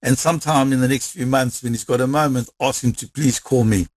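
A man with a South African accent tells a story in a lively way, acting out the lines of the people he quotes. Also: medium pitch, brisk, dry recording. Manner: lively, acts out quoted dialogue. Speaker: interviewee. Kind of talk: animated storytelling.

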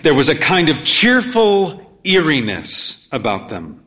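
Man, storyteller, slow, dry, world-weary, lively pitch. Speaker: narrator, pub owner. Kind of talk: storytelling reading.

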